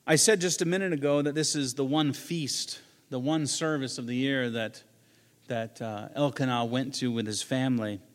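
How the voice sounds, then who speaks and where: A man's voice: mid-range voice, fairly even intonation, moderate pace, in a large hall. A man, a pastor, preaching a sermon in a conversational way, with joking asides and quoted lines he acts out.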